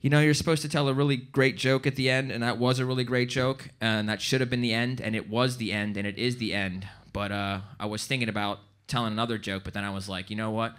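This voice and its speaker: An American man doing stand-up comedy on stage, animated and bursting into loud, shouted impressions. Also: medium pitch, fast talker, few pauses. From United States. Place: stage before a live audience.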